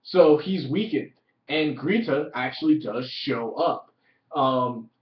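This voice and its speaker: A man giving a casual spoken review of a TV episode, excited and profane, leaning heavily on "like". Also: mid-range voice, slow. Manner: excited, profane, heavy use of "like". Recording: roomy, distant, dull lo-fi audio.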